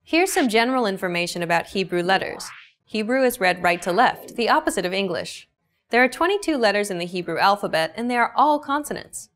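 A woman's voice: medium pitch, lively intonation, fairly quick, fairly bright tone. A woman hosting a scripted language lesson, explaining each step and turning questions to the viewer in an upbeat way. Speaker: lesson host.

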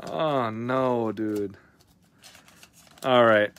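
A man hosting a live card-opening stream, chatting casually with viewers, excitable and often swearing as he reacts to each pull. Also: mid-range voice, very slow.

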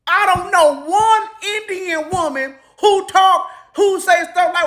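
A woman's voice: very high-pitched, slow, hardly any pauses, a bit bright. A woman giving emphatic, mocking commentary.

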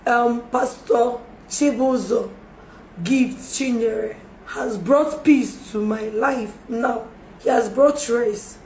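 A woman's voice: on the high side, darkish tone. Pleading woman in an echoey room. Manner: pleading, repeats apologies and requests for forgiveness. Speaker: livestreamer making a public apology. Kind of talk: emotional live-stream appeal. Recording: echoey room with faint background noise.

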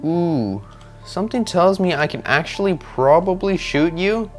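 A young man playing a video game and commenting on it, excitable, joking and rambling as he reacts. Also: sits high, measured pace, soft background music. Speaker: gaming video host. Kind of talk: let's play commentary.

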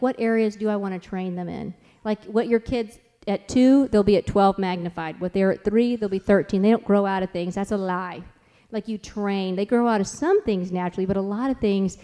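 A woman's voice: mid-range voice, a little fast, few pauses, warm tone, clear, resonant tone, big-room sound. A mother speaking at a church family conference who tells anecdotes about her kids in a chatty, rambling way, with many "like"s and restarts. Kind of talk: conference talk with storytelling.

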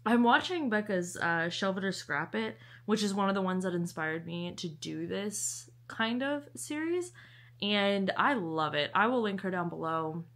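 A young woman talks through her day in a relaxed book vlog. Her tone is bubbly and chatty, with an easy, middle-pitched voice. She breaks into sweet, cooing talk whenever she turns to her dog. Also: a little slow. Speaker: book vlogger. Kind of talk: casual vlog chat.

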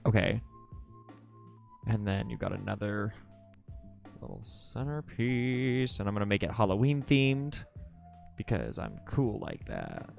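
Animated, gravelly-voiced male streamer. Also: on the low side, slow, pauses often, faint music behind. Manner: excitable, swears a lot, laughs often, reads chat aloud. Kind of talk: casual live-stream chat while drawing.

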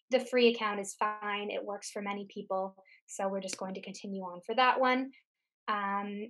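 A woman tech tutor giving a screen-share software lesson, explaining each step patiently. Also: medium pitch. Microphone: computer mic on a recorded webinar.

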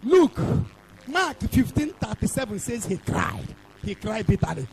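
Nigerian male evangelist, high lively voice, fiery call-and-response sermon. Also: a little slow, vocal fry, slight background noise, rough recording. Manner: shouting, sing-song call-and-response preaching. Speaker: evangelist preacher.

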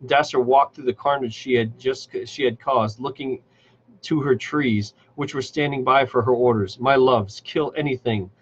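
Male live reader of fantasy fiction; husky, self-correcting, recorded muffled and lo-fi. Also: mid-range voice, fairly even intonation, normal speed. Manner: reading with frequent restarts and self-corrections. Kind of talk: live fantasy novel reading.

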